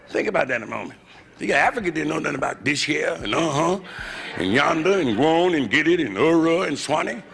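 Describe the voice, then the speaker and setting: A gravelly man in his fifties works a club crowd with a bawdy stand-up routine. His voice sits a touch high and swings wildly in pitch. The live recording carries clear noise. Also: very animated, brisk, a bit bright. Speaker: stand-up comedian. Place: live club stage with audience.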